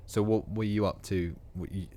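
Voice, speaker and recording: A man from England with an Essex accent, hosting a relaxed podcast interview with hesitant restarts. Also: lowish voice, normal speed, a little hiss or hum. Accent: English, Essex. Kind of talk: casual interview.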